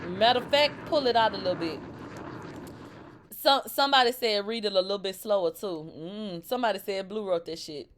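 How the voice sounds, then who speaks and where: A woman in her thirties hosting a live celebrity gossip stream, reading comments aloud and reacting in a profane, animated way, from a low drawl up to sudden shrieks. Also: fairly quick, background noise.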